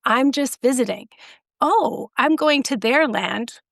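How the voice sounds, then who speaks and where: A woman's voice: high voice, animated, slow pace, gravelly, fairly bright tone, no room sound, studio quality. A middle-aged woman, a podcast guest, telling a rambling, self-deprecating story in casual conversation.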